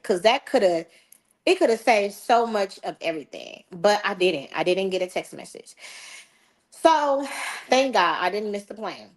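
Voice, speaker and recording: A middle-aged woman hosting a podcast, retelling a travel mishap in a casual, animated and exasperated way, with laughs. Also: mid-range voice. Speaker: podcast host. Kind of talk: casual storytelling.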